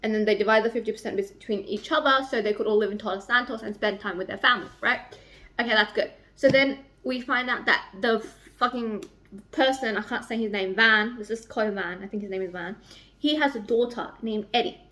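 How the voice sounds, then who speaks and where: High bright young woman vlogger. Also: fairly quick. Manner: emotional, swears a lot, rambling. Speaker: book vlogger. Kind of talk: casual reading vlog.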